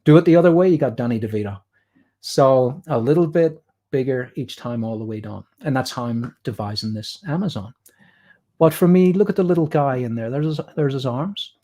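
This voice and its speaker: An Irish guest artist talks and explains while drawing on a livestream. His voice is warm, medium in pitch, and fairly quick.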